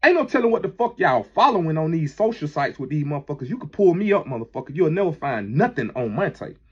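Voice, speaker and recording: A man giving a heated, profane monologue that keeps rising toward a shout. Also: a little high, sing-song, quick pace, slightly rough, lo-fi sound. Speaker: manager addressing critics. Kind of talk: impassioned monologue.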